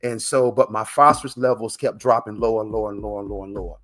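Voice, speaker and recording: Rapid-fire and fairly bright, this man's lowish voice keeps a fairly even intonation. A coach who had a transplant, he's a guest on a live video call broadcast, preaching emphatically and emotionally with plenty of fillers and repeated words while calling the listener "man."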